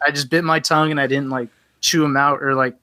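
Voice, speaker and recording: A man with a fairly high voice talks at a quick pace with no echo around him. As a podcast guest, he casually works through a long story, animatedly acting out both sides of the dialogue.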